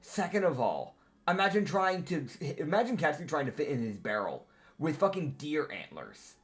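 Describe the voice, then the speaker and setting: A man's voice: on the high side, sing-song, normal speed. A young man acting as game master, chatting casually, laughing often and swearing freely. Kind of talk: casual tabletop game chat.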